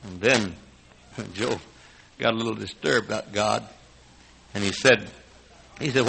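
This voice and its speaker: An older man from Texas with a Texan accent, preaching a sermon as a pastor. He swings between hushed, tender low passages and high, shouted preaching, often chuckling as he goes. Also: unhurried, creaky, pauses often, a little hiss or hum, rough recording.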